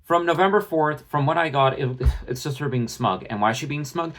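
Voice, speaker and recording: A man's voice: a little high, a little fast, a bit bright. A man ranting in blunt, profane, rambling commentary about an online creator, recorded on his phone. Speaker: drama commentary vlogger.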